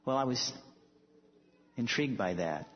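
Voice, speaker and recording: A man's voice: medium pitch, lively intonation, unhurried. Man preaching a sermon, storytelling, emphatic, big echoey hall. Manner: emphatic storytelling, rising to declarations. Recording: echoey hall, dull lo-fi sound.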